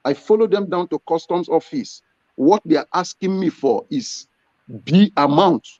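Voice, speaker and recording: With a fairly high, darkish voice and a moderate pace, this business owner gives earnest, story-driven interview answers that include acted-out quotes. There's no echo, but the sound is dull and lo-fi.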